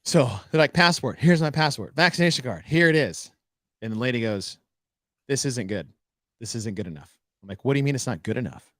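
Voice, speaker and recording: A man's voice: medium pitch, lively intonation, a little fast, a bit bright, dry recording, studio quality. A man co-hosting a podcast, telling a story in casual chat and acting out the dialogue. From United States. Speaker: podcast co-host.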